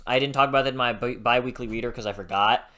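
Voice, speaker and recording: A young adult reviewing a book in a casual vlog, rambling and gushing, then bursting into loud swearing rants. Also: mid-range voice, quick pace.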